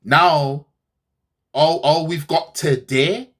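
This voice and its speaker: A man's voice: on the high side, fairly even intonation, extremely slow, fairly bright tone. Ranting man reacting to football clip. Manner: heated, sarcastic, repeats himself. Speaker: fan channel host reacting to a clip.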